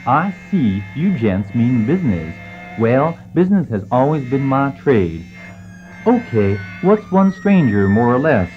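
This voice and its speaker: Defiant saloon lady done by a man, raised pitch, sassy, muffled lo-fi sound, faint music. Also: very animated, a little slow. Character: brassy saloon keeper woman, shrewd and defiant.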